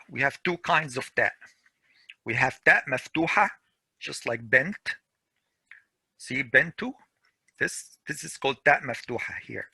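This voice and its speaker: A middle-aged man teaching a grammar class over a video call, repeating each example slowly and patiently. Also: mid-range voice, vocal fry, pushed and bright, slightly rough, dry recording. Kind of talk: online class lecture.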